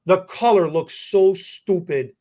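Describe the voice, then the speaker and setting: A man's voice: high voice, warm tone. Stammering man telling a story. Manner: halting, with many restarts and stammers, emotional. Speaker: podcast host and hairstylist. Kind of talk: casual storytelling.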